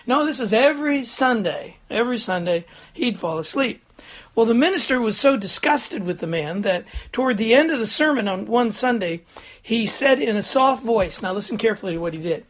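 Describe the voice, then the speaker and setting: An older male pastor preaches in a loose, conversational way. He chuckles at his own stories and keeps checking in with his listeners between points, standing before his congregation. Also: high voice. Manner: chatty, chuckles, frequent "Amen?" and "Okay?" check-ins. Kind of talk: folksy sermon.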